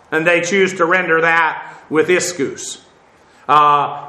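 A man's voice: a little high, slow pace, pushed and bright, echoey room. A man teaching a Bible class, lecturing with many fillers and correcting himself as he goes.

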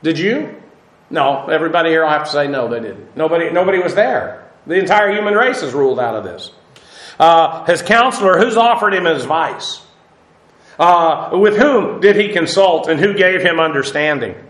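A man teaching a Bible study lecture, unhurried, with many fillers and rhetorical questions. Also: on the high side, animated, fairly bright tone. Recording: roomy echo.

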